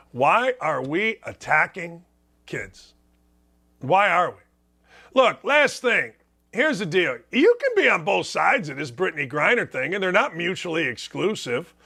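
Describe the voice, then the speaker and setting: A man's voice: fairly high pitch, creaky, sharp tone. A middle-aged man hosting a sports talk show, ranting emphatically with rhetorical questions. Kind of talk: opinionated sports talk commentary.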